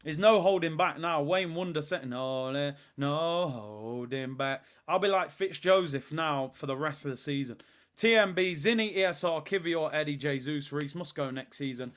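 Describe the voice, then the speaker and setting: A man hosts a live football watch-along, ranting with exasperation and biting sarcasm. His voice sits fairly high for a man. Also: moderate pace, a bit bright.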